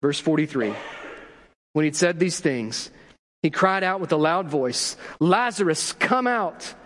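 A man's voice: fairly high pitch, animated, unhurried, fairly bright tone, long reverb tail. A man preaching a sermon as a pastor, telling a story with acted-out quotes and questions for the congregation.

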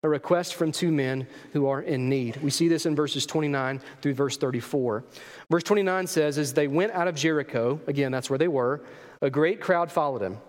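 A man's voice: fairly high pitch, moderate pace. A male pastor preaching a sermon, asking rhetorical questions and repeating key phrases for emphasis. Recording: long reverb of a large hall.

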